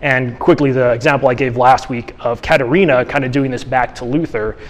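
A man of middle pitch gives a casual teaching talk, circling back and restarting sentences as he explains. His voice carries a long reverb, as if he is speaking in a large hall. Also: fairly even intonation, a little fast. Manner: conversational, with frequent restarts and fillers. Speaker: church teacher.

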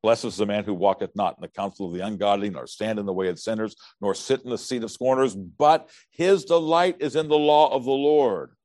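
A middle-aged male pastor preaching with lively, storytelling energy, slipping into quick character voices for humor. His voice sits on the low side, and the recording is close and dry with no room sound. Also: dry recording. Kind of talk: sermon.

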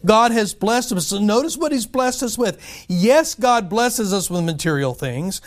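Male pastor, high voice, emphatic sermon delivery with rhetorical questions and slow stressed scripture phrases. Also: expressive. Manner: emphatic, asks and answers his own questions.

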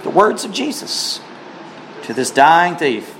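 A man preaching a sermon in a slow, earnest, heartfelt way, with emphatic rises and an occasional cleared throat. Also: a little high, big pitch swings, fairly bright tone, slight background noise. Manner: clears throat now and then.

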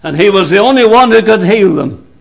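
A man preaching a sermon in a slow, deliberate way, with sudden drops to a hushed voice. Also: high voice, expressive, gravelly.

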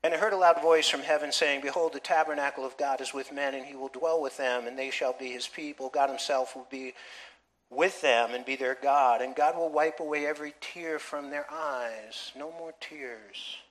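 A man's voice: mid-range voice, fairly even intonation, moderate pace, fairly bright tone. A man preaching a sermon in a church, emphatic, with many rhetorical questions to the congregation. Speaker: pastor.

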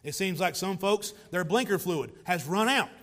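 A male pastor delivers a sermon in a church sanctuary. His voice sits high for a man, and he drives his points with repeated rhetorical questions. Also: animated, normal speed, fairly bright tone. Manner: emphatic preaching with rhetorical questions and repeated phrases.

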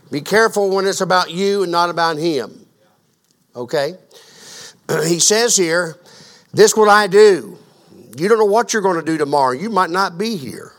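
A man preaching a sermon as pastor, asking the congregation questions and building to a fervent, loud delivery. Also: a little high. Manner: grows louder and more fervent.

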